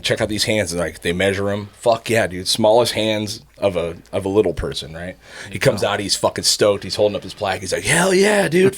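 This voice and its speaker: A man co-hosting a podcast, telling a long, profane joke in a loose, casual way with frequent laughs. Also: low voice. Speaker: podcast co-host.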